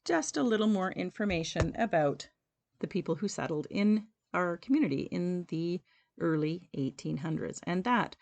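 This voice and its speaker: A woman hosting a local community show, reading local history and an old newspaper clipping aloud in a measured, steady way. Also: lowish voice, gravelly. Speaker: community podcast host.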